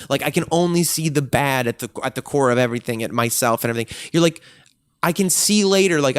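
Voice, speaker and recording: Frank, smooth-voiced man vlogging. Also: mid-range voice, dry recording, clean studio sound. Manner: frank and profane, emotionally intense self-reflection. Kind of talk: candid personal monologue.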